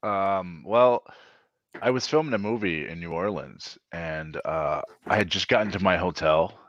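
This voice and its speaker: A man who is an actor, telling stories as a guest in a casual interview, animated and acting out what people said. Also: low voice, unhurried, no room sound, muffled recording. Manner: animated storyteller, acts out quotes, voice cracks when moved. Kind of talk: casual video-call interview.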